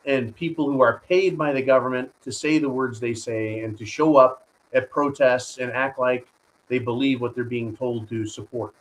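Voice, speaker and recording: A man's voice: medium pitch, steady tone, moderate pace, low-quality recording. A man hosting a live stream, giving combative political commentary and reading viewer donations, often turning to his audience with "folks" and "right?". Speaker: host of a live stream show.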